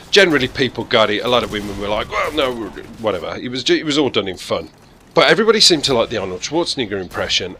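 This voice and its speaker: A man in casual talk to his channel's viewers, rambling and poking fun at himself. His voice sits fairly low yet sounds bright and sharp-edged. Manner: chatty, rambling, self-deprecating. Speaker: gaming YouTuber.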